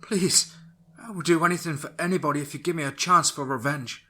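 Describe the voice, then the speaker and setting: A man's voice: fairly high pitch, brisk, bright, forceful tone, a little hiss or hum, voice pushed up. A man voicing a desperate young peasant girl who cries out and pleads. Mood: anguished. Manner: pleading, crying out.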